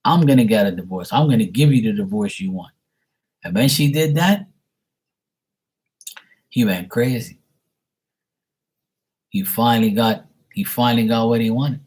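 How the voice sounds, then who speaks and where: Man, lowish husky voice, blunt and profane, rambling casual rant. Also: darkish tone. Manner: blunt, profane, repeats himself. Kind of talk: casual venting monologue.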